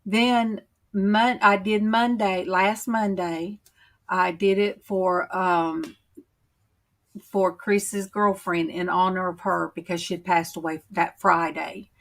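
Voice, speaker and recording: Livestream host, woman, unhurried and emotional, middle-pitched, pauses a lot while answering viewers. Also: level tone. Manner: slow, emotional, heartfelt, many pauses and fillers. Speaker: channel host on a faith livestream. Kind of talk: casual chat, reading viewer comments.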